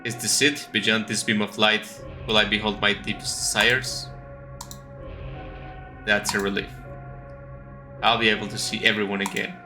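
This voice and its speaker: A man voicing a brooding man leaving for a world of dreams, reading game lines slowly in a lowered voice. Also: level tone, music in the background, natural voice. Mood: solemn. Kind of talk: reading game dialogue aloud.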